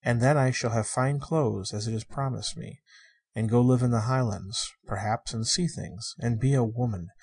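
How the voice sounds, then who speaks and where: A man reading the part of a shy, wondering sixteen-year-old girl, in a soft, earnest and innocent way. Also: medium pitch, moderate pace, husky. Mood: wistful.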